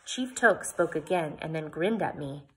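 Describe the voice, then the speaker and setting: An audiobook reader with a deep, husky voice reads a novel aloud, narrating expressively in the first person at a slightly slow pace. She chats briefly at the end.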